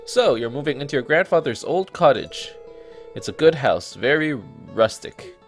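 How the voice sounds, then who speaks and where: Welcoming old mayor guy from a farm game, read by a gamer, kinda quick, lively, faint music. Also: mid-range voice, gravelly. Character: welcoming older male town mayor.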